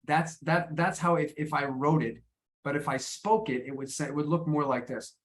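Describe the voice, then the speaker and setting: An American man teaching English in an online lesson, explaining in a halting way and often repeating words. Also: a little high.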